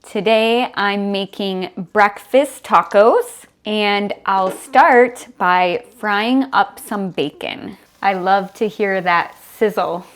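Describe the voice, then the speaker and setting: A woman's voice: medium pitch, takes it slowly, hardly any pauses. A young woman narrating her day in a casual, chatty vlog, laughing easily. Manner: chatty, laughs often, breathless while running. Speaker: English vlogger.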